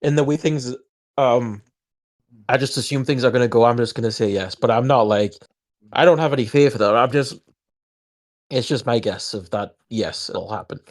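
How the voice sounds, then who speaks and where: A man's voice: mid-range voice, moderate pace. A man co-hosting a podcast in casual chat, speaking hesitantly and mildly with many restarts. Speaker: podcast co-host.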